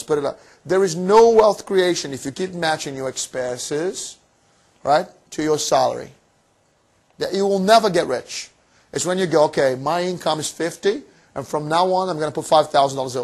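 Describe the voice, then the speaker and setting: Man, high-pitched voice, energetic seminar presenter, cheeky, rhetorical questions, live audience room. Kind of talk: motivational finance seminar talk.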